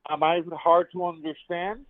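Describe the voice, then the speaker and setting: A man's voice: fairly high pitch, steady tone, measured pace, dry recording. A man in his fifties calling into a live debate show, insistently repeating his argument over and over. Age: 50s. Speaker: caller. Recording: tinny phone line.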